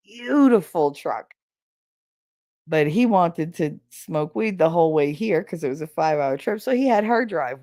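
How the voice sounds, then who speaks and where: Host: low, gravelly woman, blunt and profane, chatty storyteller, dry close sound. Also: darkish tone, no room sound. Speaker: podcast host. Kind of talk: casual storytelling chat.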